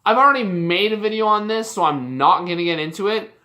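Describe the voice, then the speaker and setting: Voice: mid-range voice, quick pace, sharp tone. A young adult from Canada giving a casual, heated and profane rant on a vlog, often exasperated. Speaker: wrestling commentary vlogger.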